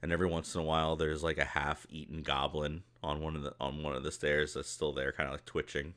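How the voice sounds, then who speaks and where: A man's voice: very deep voice, level tone, fast talker, pushed and bright. A man narrating a tabletop game as game master, loose and conversational with many fillers.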